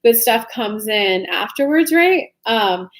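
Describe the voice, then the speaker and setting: A young woman hosts a casual, chatty tarot reading livestream from a softly lit room at home, talking loosely and informally to her viewers. Her voice is a little high, expressive and slow.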